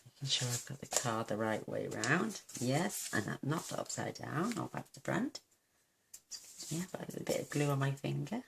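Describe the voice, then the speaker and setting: Soft-spoken woman with a gravelly voice. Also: rumbling low, sing-song, normal speed, noisy background. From United Kingdom. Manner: soft-spoken, mumbles to herself, gushing. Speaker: card-making demonstrator. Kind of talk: crafting tutorial.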